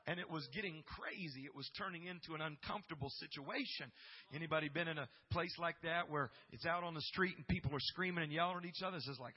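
A man preaching a sermon, moving from quiet reflection to loud, fervent preaching and calling out to the congregation. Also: a little high, brisk, breathy edge, highs cut off. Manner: builds from quiet musing to loud impassioned preaching; calls out to the congregation.

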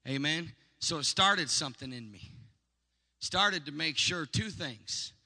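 A man preaching a sermon, telling stories and calling for response, building to shouts. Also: on the high side, lively intonation, measured pace, long reverb tail. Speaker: pastor.

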